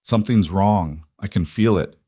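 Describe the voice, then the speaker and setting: A man's voice: deep voice, normal speed, warm tone, breathy edge, no room sound, studio quality. A man voicing an anxious, protective single father who speaks urgently. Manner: urgent, insistent.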